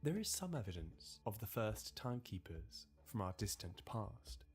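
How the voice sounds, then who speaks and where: Low-voiced man narrating a documentary. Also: very animated, darkish tone, breathy edge, soft background music. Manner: measured, storytelling.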